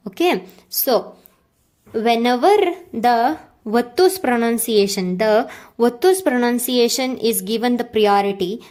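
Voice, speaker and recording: A woman's voice: fairly high pitch, a little mellow. A woman teaching a language lesson, repeating words and checking in with "okay" and "right.". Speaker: Kannada teacher. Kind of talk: slow explanatory lesson.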